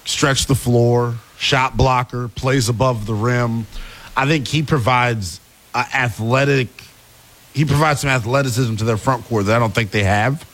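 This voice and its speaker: A man co-hosting a sports talk radio show, giving measured analysis with many pauses. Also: medium pitch, fairly bright tone.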